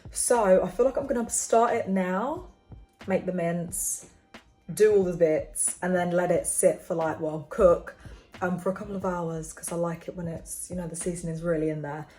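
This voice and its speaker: A woman's voice: on the low side, fairly even intonation, moderate pace, dark tone, soft background music. A young woman in her twenties chatting casually to camera in a home vlog, upbeat and talkative. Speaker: vlogger. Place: home, indoors.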